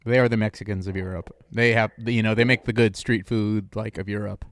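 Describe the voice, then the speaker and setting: A man's voice: lowish voice, fairly even intonation, a little fast. A young man hosting a call-in stream, talking in a rambling, joking way with lots of filler words. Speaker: streamer host taking calls. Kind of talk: casual chat.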